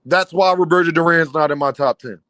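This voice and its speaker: A man's voice: a little high, brisk, a bit bright, dry recording. A man hosting a livestream in casual commentary, emphatic and repeating his points straight to the chat. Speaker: livestream host. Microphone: streaming mic.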